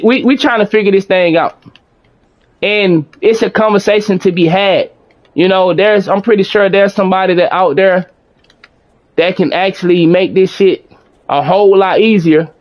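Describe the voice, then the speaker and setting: Guy with a really high voice talking to his stream chat, preachy motivational rambling, aave. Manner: preachy, motivational, repeats himself, reads out chat. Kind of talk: casual livestream chat.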